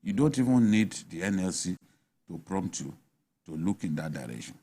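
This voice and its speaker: A man with a low, husky, mellow voice speaks at normal speed with lively intonation. A Nigerian English speaker, he's a guest on a TV studio panel, arguing emphatically and posing rhetorical questions in an animated discussion.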